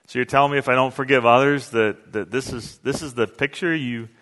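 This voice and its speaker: A man's voice: mid-range voice, steady tone, a little fast, fairly bright tone. A man preaching a sermon in an earnest, conversational way, reading scripture and explaining it. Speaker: pastor. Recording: long hall reverb.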